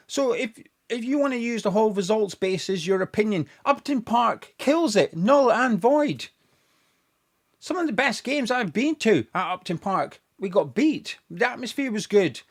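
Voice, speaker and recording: A young man, hosting a football fan show and ranting sarcastically about his club's owners. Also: very high-pitched. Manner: sarcastic, mocking, animated rant with mock quotes. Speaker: football fan podcast host.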